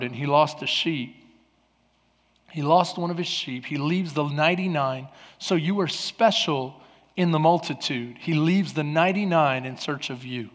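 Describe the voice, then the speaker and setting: A man preaching a sermon as pastor. His delivery is loud and lively, then drops to soft, earnest talk, and he repeats words and restarts often. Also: fairly high pitch, big-room sound. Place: large church.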